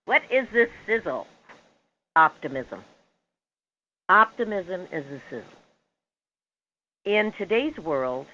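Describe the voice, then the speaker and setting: A woman guest on a talk show, speaking in a measured, reflective way. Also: sits low, a bit bright. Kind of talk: interview conversation. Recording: dull lo-fi line with faint noise.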